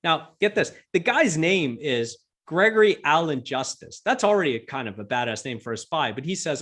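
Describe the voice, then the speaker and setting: A man telling a story with lively amusement, full of fillers and restarts, speaking remotely for a virtual event. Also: on the high side, normal speed, hardly any pauses. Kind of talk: animated storytelling.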